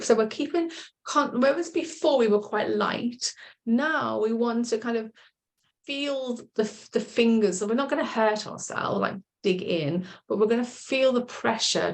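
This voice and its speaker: A woman coach leading a group session over a video call, guiding a relaxation exercise in a gentle, encouraging, chatty way. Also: medium pitch. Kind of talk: guided relaxation instruction.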